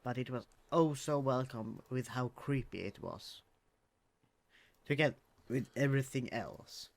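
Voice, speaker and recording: Man, podcast co-host, slow delivery, halting, casual movie chat. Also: mid-range voice. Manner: hesitant, restarts phrases.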